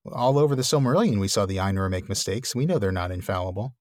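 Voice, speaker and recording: A man's voice: lowish voice, animated, quick pace, no room sound, clean studio sound. A man co-hosting a podcast, chatting casually about a book and laughing often. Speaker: podcast co-host.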